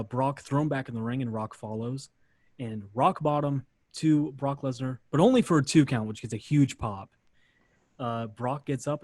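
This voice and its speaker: With a medium-pitched voice and no echo, this man hosts a podcast and casually calls a match play by play. His narration is laid-back and full of "uh" fillers.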